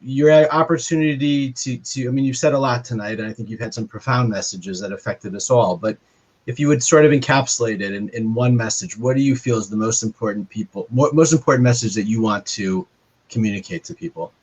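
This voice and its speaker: A man's voice: mid-range voice, fairly quick, breathy edge, rough recording. A man interviewing a guest at a live event, hesitant and prone to repeating himself. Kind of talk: interview on stage.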